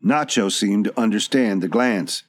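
A man narrating an audiobook in a steady, even storytelling manner. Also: lowish voice, measured pace.

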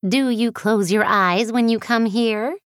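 A man voicing a high, teasing old grandmother. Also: measured pace, a bit bright, smooth, dry recording, clean studio sound. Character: teasing elderly grandmother, fond and brisk. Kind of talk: audiobook character voice.

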